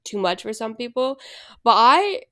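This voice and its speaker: A woman's voice: fairly high pitch, big pitch swings, unhurried, a bit bright. A young woman co-hosting a casual podcast, rambling with lots of fillers and self-deprecating asides. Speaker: podcast co-host. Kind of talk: casual chat.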